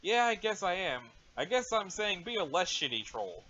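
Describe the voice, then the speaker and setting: A man voicing a cocky, deadpan teenage boy who talks in swaggering slang, on a dull lo-fi mic. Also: high voice, moderate pace, exaggerated voice.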